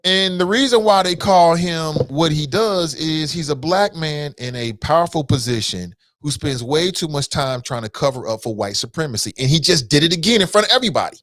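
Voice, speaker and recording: A man hosting an opinion show with a lively, swooping delivery and a slightly raised pitch. He is blunt and profane and talks right at his audience. The sound is dry and close. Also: no room sound. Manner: blunt, profane, animated, talks to viewers as "fam". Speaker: host of a news commentary show. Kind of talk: casual opinion commentary.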